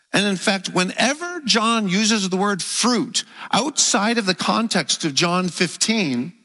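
A man with a raised, bright and forceful voice delivers a teaching sermon in a church. He explains point by point and draws out key words for emphasis. His voice carries a long reverb from the hall. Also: sits high. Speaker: preacher.

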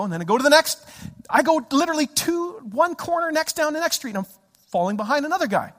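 A man preaching a sermon, telling a story with lively animation and acting out his own frustrated shouts. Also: extremely high pitch, fast. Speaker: pastor. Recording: church hall reverb.

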